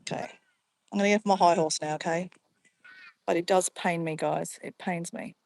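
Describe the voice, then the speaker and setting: A woman's voice: fairly low pitch, fairly even intonation, fairly quick, gravelly, a little mellow. An Australian woman chatting casually to livestream viewers outdoors by a pond, easily sidetracked and calling her viewers guys. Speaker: livestream vlogger.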